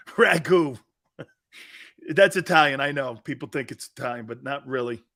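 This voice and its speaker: A middle-aged man hosting a sports talk show, ranting and bantering loudly in a casual way. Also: mid-range voice, fast talker. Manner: loud, animated, bantering rants.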